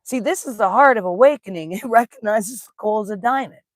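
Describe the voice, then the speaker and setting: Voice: mid-range voice, fairly quick, no room sound, clean studio sound. A spiritual teacher giving a casual live-streamed talk, telling stories with folksy slang and greeting viewers in the chat. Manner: laughs easily, folksy slang.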